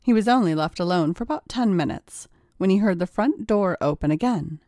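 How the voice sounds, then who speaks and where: A woman reading a story aloud in a steady, even narration. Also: mid-range voice, brisk, no room sound, studio quality. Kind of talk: scripted narration.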